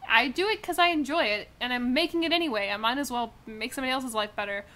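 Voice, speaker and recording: A woman with a high, bright, sharp voice chats excitedly as a podcast co-host. She acts out other people's lines with big leaps in pitch. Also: fast talker. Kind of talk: casual chat.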